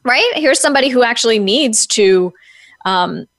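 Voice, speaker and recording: A woman co-host offers a guest warm-hearted coaching notes in a loose, rambling way. She fills her speech with "you know" and "like" as she works through her points. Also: on the high side, expressive, moderate pace. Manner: encouraging, rambling, many fillers. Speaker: co-host giving media coaching feedback. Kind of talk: conversational critique.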